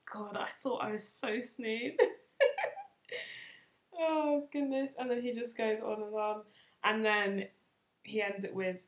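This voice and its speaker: A woman's voice: a little high, a little slow, long pauses. Chatty young woman podcast host. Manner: chatty and self-mocking, laughs often. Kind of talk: casual storytelling.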